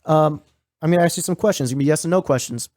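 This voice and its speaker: A man's voice: fairly high pitch, rapid-fire, a little mellow, no echo, clean studio sound, close to an everyday voice. A man voicing a frustrated young woman lost in a haunted garden, speaking in a profane, exasperated way. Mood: commanding.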